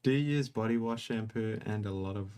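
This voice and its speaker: A man's voice: on the low side, fairly quick, darkish tone, smooth. A man reading viewer questions aloud to a host in a matter-of-fact way.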